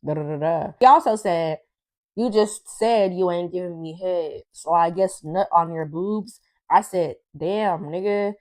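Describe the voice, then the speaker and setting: Young female vlogger, casual storytime, sassy and profane delivery, lowish pitch. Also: a little slow.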